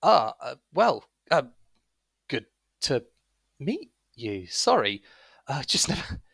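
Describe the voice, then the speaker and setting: A man's voice: mid-range voice, sing-song, slow pace, creaky, a bit bright, breathy edge, no room sound, studio quality, pitched above the performer's own voice, full character voice. A man voicing a nervous young village man who stammers and apologizes as he greets strangers. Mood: flustered.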